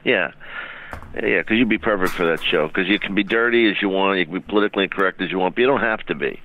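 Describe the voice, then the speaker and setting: A man's voice: sits low, fast, highs cut off, slight background noise. A man hosting a casual comedy chat, telling rambling anecdotes with lots of fillers. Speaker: host. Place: comedy club stage.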